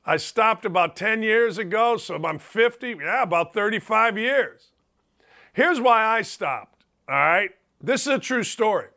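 In an animated sports talk monologue, a fifty-something host tells stories with emphasis, repeating phrases for effect. His high voice has lively intonation, a measured pace and a bright, forceful tone.

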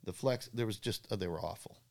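A man, a surfboard craftsman, telling animated stories in an interview, acting out the dialogue and laughing at his own jokes. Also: lowish voice, quick pace, creaky. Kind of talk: storytelling in a podcast interview.

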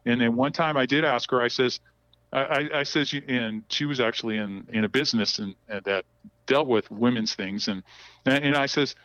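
Halting man telling a candid story, dry sound. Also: medium pitch, fairly bright tone, no room sound, lo-fi sound. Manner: halting, repeats words while telling a story. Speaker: podcast guest.

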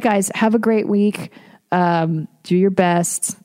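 A woman's voice: mid-range voice, slow pace, mellow, no echo, clean studio sound. A middle-aged woman hosting a solo podcast, talking in a rambling, blunt, profane, casual way. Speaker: podcast host.

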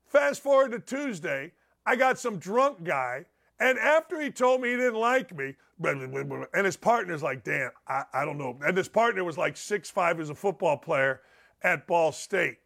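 A middle-aged man hosting a sports radio show, with a strikingly high voice. He tells rambling stories in an excitable way and laughs at his own punchlines. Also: moderate pace, vocal fry. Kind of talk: animated storytelling monologue.

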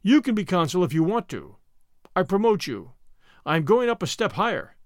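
A man's voice: high-pitched, big pitch swings, normal speed, no room sound, studio quality. A man reading the part of an impulsive young American consul, talking in emphatic bursts. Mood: excited.

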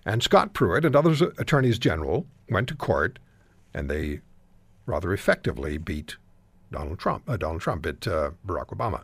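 Lively-voiced male radio host. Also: low voice, moderate pace, husky, no echo. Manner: emphatic, animated, with frequent restarts. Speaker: radio talk show host. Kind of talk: talk radio interview and commentary.

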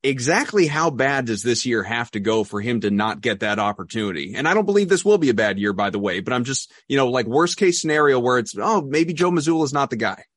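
Rambling, hedging sports podcast host, dry sound. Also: male voice, medium pitch, animated, quick pace, few pauses, fairly bright tone, dry recording. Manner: rambling questions with hedges and fillers. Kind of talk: casual sports podcast chat.

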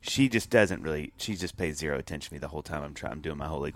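A man telling a story in a casual interview, animated and acting out voices of the people in it. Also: very deep voice, very fast. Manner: animated, acts out voices of himself and others in his stories. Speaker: musician telling his love story.

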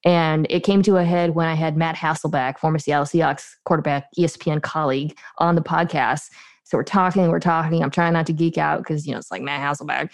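A woman podcaster telling a personal story in a quick, chatty way with fillers. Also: deep voice, steady tone, no room sound. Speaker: podcast guest and host. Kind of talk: casual storytelling.

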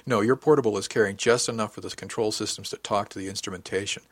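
A man voicing a calm, good-humored male ship engineering officer who gives brisk, practical orders with dry humor, in an audiobook reading. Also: lowish voice, no room sound, lightly acted.

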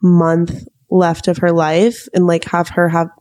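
A woman's voice: fairly low pitch, completely flat delivery, takes it slowly, a little mellow. A young woman in her twenties, co-hosting a podcast and telling a long story in a chatty way, full of "like" and "um". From United States. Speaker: podcast co-host. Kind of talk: casual chat.

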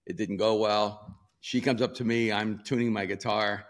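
Older pastor from El Salvador, low voice, rambling anecdotal style with laughs. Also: male voice, fairly even intonation, normal speed. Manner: warm storyteller, laughs often, many ums and restarts. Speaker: pastor and author. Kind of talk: storytelling in a sit-down interview.

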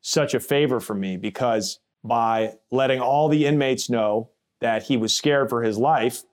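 Man, blunt plainspoken storyteller, casual and cursing, mid-pitched voice. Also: a little slow. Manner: acts out others' voices in quotes. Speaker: former prisoner telling his story. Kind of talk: first-person storytelling podcast.

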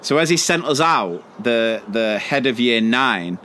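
A man's voice: mid-range voice, animated, measured pace, sharp tone, slight background noise. A man co-hosting a podcast, telling a school story in casual chat, rambling with many fillers and frequent laughs. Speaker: podcast co-host.

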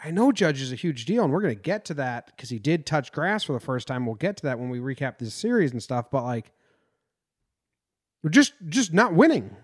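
A man's voice: fairly high pitch, very animated, brisk. A man from New Jersey hosting a casual sports podcast, rambling and venting his frustration. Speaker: podcast host.

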